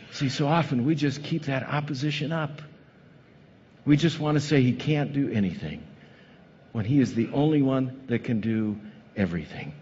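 A man preaches a sermon in a high, very animated voice that swings between loud emphasis and hushed tones. His voice echoes in a large hall. The recording sounds dull and lo-fi. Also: normal speed, husky. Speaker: pastor.

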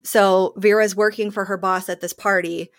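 A woman actor in a casual interview, telling the story of a play in an animated way and acting out other people's lines. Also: mid-range voice, moderate pace, no echo, clean studio sound.

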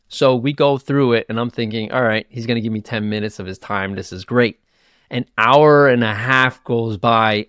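A man with a mid-range voice hosts his own podcast and tells a personal story in a loose, chatty way. He laughs at himself and trips over quick restarts as he talks. The sound is close and dry, with no room echo. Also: mid-range voice. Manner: animated, self-mocking, quick bursts with stammered restarts. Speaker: podcast host.

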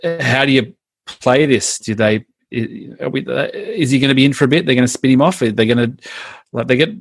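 A man's voice: mid-range voice, a little fast, slightly rough, no room sound. Chatty Australian man, dry sound. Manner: rambling, chatty, frequent restarts. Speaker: podcast co-host. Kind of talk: casual chat.

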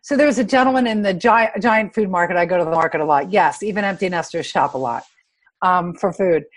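A middle-aged woman sharing heartfelt personal stories in a casual conversation, growing lively when she quotes other people. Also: fairly low pitch, a little fast. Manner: earnest, animated when quoting others.

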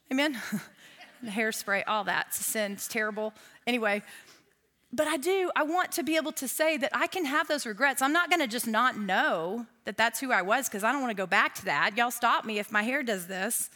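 A woman's voice: fairly high pitch, animated, fairly quick, sharp tone. A woman, giving a casual, humorous sermon with asides to the audience. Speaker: Bible teacher.

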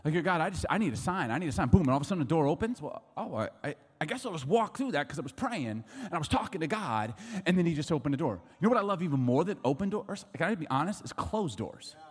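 A man's voice: fairly high pitch, very animated, fast, husky, long reverb tail. A man in his forties preaching a sermon, chatty and jokey, acting out little voices as he talks. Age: 40s. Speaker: pastor.

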